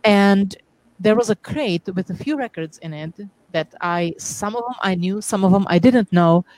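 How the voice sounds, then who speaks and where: A woman's voice: medium pitch, moderate pace, no room sound, low-quality recording. A woman guest DJ telling stories in a casual interview, acting out quoted dialogue with lots of restarts. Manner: animated, acts out quoted dialogue, frequent restarts and laughs. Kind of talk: casual anecdotal storytelling.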